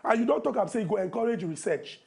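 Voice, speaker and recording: A man's voice: high voice, fast, creaky, darkish tone. A man with a Nigerian accent, co-hosting a TV show, teasing his partner in comic banter and talking through the news in Pidgin from a studio. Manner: teasing, breaks into snatches of song. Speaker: TV co-host.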